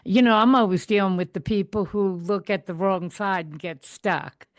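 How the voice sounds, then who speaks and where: A woman's voice: mid-range voice, normal speed, dry recording. Woman podcast host speaking in a dry room. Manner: affirming, frequent backchannels, casual. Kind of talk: casual interview chat.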